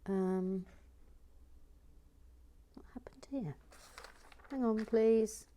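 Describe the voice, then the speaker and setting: A woman hosting a relaxed real-time LEGO build, murmuring to herself, often slipping into a whisper, and reading out viewer comments. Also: medium pitch, extremely slow, lo-fi sound.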